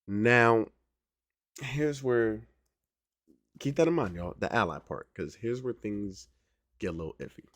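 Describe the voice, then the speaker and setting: A man's voice: lowish voice, lively intonation, measured pace, long pauses, a bit bright, no echo, clean studio sound. A man hosting his own podcast in casual solo commentary, slangy and conversational, often checking in with "right?". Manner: conversational, keeps asking "right?" to the listener; slangy, drawling delivery. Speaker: podcast host.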